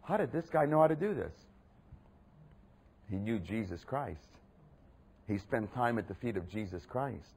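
A man preaching a sermon with emphatic delivery, jumping from loud exclamations to low, quiet asides. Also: big pitch swings, measured pace, long pauses, breathy edge. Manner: emphatic, swinging between loud outbursts and low murmurs.

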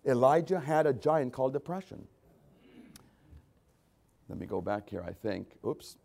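A man preaching a sermon as a pastor, swinging between loud, emphatic repetition and quiet, conversational asides. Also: medium pitch, animated, a little slow, vocal fry. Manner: repeats phrases for emphasis.

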